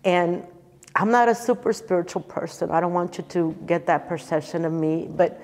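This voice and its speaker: A woman's voice: lowish voice, moderate pace, darkish tone, long reverb tail. A woman in her fifties giving an emotional personal testimony, earnest and repeating phrases for emphasis. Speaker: church speaker sharing her testimony.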